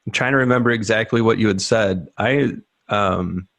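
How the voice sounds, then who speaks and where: A man's voice: lowish voice, normal speed, fairly bright tone, no echo. A man in his fifties hosting a conversation, friendly and thoughtful, restarting sentences as he thinks aloud. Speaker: host. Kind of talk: casual conversation.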